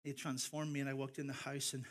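A middle-aged man from Ireland with a softened Irish accent, preaching a sermon with passionate swells of emphasis and slowed key phrases. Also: medium pitch, flat delivery. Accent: Northern Irish, softened by years in America. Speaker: pastor.

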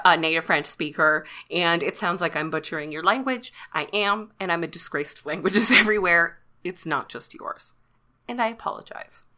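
A woman's voice: lowish voice, pushed and bright. A Canadian woman hosting a podcast, talking in a chatty, self-deprecating way and laughing often. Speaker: podcast host. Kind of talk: casual solo podcast monologue.

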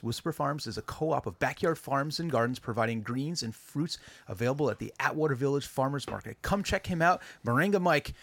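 A man's voice: fairly high pitch, fairly bright tone, no echo. A man hosting a podcast in a loose, joking way, with lots of fillers. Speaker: podcast host. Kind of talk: casual podcast chat.

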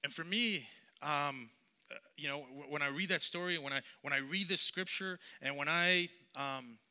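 A man who is a youth pastor tells a sermon story in an earnest, conversational, halting way. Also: a little high, bright, forceful tone, clean tone.

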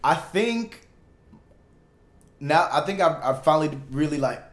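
A man's voice: on the high side, animated, measured pace, echoey room. A man in a casual chat, arguing his point with a lot of profanity and some laughter.

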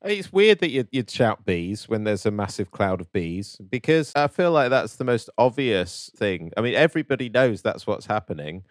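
A man's voice: on the low side, sing-song, normal speed, few pauses, no echo, studio quality. A man co-hosting a comedic podcast chat, asking rambling, incredulous questions and laughing often.

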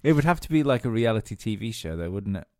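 Mellow, low-voiced sweary male co-host. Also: big pitch swings, quick pace, no room sound. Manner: sweary, hesitant restarts, dry humour. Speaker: podcast co-host. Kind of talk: casual comedic chat.

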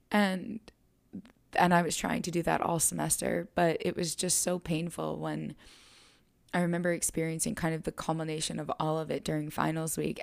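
A woman's voice: lowish voice, creaky. A young adult woman hosting a podcast, telling a personal story in an earnest, reflective way and repeating phrases for emphasis. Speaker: podcast host.

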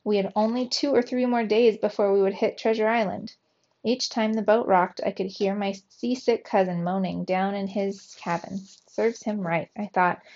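A woman's voice: mid-range voice, normal speed. Woman reading a children's story aloud. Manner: lively, voices the dialogue with raised energy. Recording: slightly dull, lo-fi sound.

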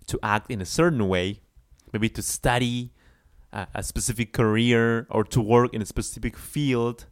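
Male English teacher for a song lesson, drawn-out phrases for repetition, smooth voice, dry close sound. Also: fairly low pitch, no echo.

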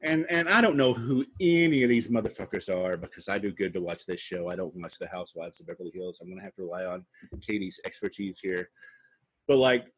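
Man, husky voice, casual recap chat, profane, lo-fi sound. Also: lowish voice. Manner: profane, acts out quotes in funny voices. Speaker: podcast co-host.

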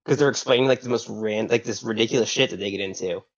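A laid-back man with a fairly low voice, drawling through casual podcast chat and swearing as he goes. His mic sounds dull and lo-fi. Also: fast. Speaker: podcast co-host.

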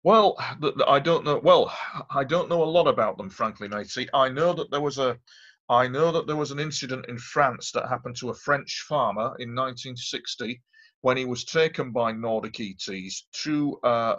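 A man's voice: medium pitch, normal speed, a bit bright. Rambling man on lo-fi audio. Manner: rambling, emphatic, repeats himself. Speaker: interview guest. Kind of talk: casual storytelling. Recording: dull lo-fi audio.

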